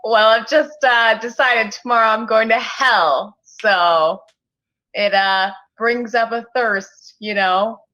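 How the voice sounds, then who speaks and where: A woman plays her character in a tabletop game with brash, joking energy. Her voice is bright and sharp. She takes her time and drawls through her lines. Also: a little high, fairly even intonation, slow, lo-fi sound. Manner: brash, playful, swears. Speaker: player.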